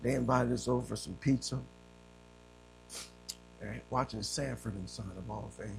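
A man preaching a sermon as pastor, telling his own testimony, swinging from loud, emphatic passages to hushed, quiet ones. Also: medium pitch, moderate pace, gravelly, over music.

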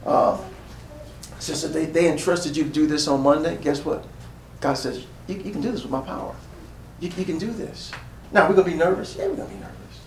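A man's voice: on the high side, fairly quick, pauses often, reverberant, recorded from a distance, slight background noise, low-quality recording. A man preaching a sermon as pastor, building his points with emphasis and repetition.

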